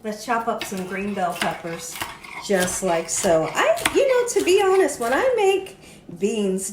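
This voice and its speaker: A woman with a fairly high voice hosts a home cooking lesson, talking straight to her viewers in a chatty, encouraging way. The kitchen rings with echo, and a faint ambient hum sits underneath. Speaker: cooking channel host. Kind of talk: casual cooking demonstration.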